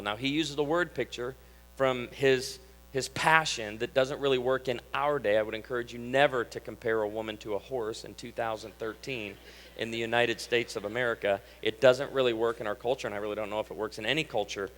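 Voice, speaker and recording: A man in his thirties, a pastor from Illinois, preaches in a relaxed, joking way, reading scripture between asides. His voice sits at an ordinary middle pitch. It rings with the long reverb of a church hall. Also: brisk. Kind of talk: sermon.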